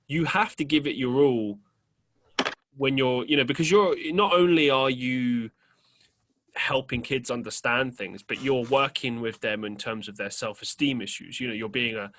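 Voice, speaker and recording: A man's voice: medium pitch, normal speed, fairly bright tone. A young man hosting a podcast, telling a rambling story in casual chat, full of fillers and casual swearing. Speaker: podcast host.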